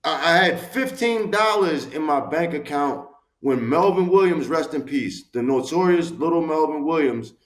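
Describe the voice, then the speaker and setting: Brief: man, 40s, slightly higher voice, emphatic profane storyteller, roomy studio sound. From Baltimore, USA. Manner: animated, street-talking, profane, emphatic. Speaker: podcast guest. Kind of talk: candid storytelling interview.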